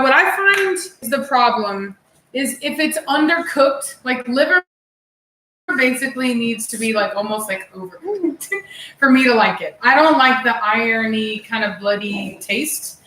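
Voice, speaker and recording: A woman's voice: on the high side, lively intonation, unhurried, bright, forceful tone, a little hiss or hum. Chatty woman in an echoey kitchen. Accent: Texan. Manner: playful teasing, chatty. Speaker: cooking channel host, mother. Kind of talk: casual cooking chat. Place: home kitchen.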